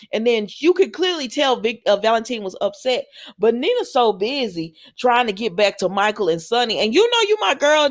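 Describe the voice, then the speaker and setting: A woman recapping a soap opera episode in a casual, chatty way, often saying "um" and "you know" and bouncing her voice up high for the characters' lines. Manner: chatty retelling, acts out quotes with big pitch jumps; says "um" and "you know" a lot. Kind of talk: casual chat.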